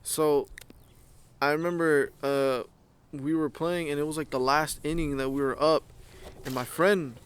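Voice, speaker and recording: A young man co-hosting a podcast, telling animated, profanity-filled stories and acting out what people said. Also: a little high, measured pace, slight background noise. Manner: animated storytelling, heavy swearing, acts out quotes. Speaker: podcast co-host. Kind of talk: casual chat.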